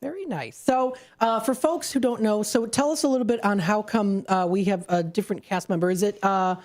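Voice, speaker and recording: A woman's voice: medium pitch, brisk, a little mellow. Chatty woman radio host. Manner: chatty, many fillers and restarts. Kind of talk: casual radio interview. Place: radio studio.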